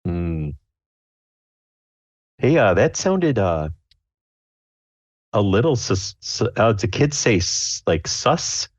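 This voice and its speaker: A man playing in a tabletop game, talking casually and haltingly. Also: fairly low pitch, big pitch swings, dry recording. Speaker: player. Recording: slightly dull lo-fi audio.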